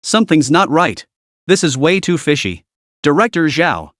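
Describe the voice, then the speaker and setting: Lively dramatic male storyteller. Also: on the high side, normal speed, no room sound, clean studio sound. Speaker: narrator. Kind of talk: scripted narration of a comic recap.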